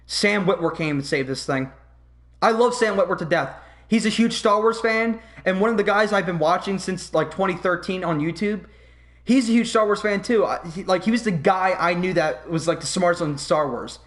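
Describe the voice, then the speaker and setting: A man's voice: sits high, expressive, moderate pace, fairly bright tone. A man hosting a casual podcast, ranting in a heated way with plenty of swearing. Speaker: podcast host.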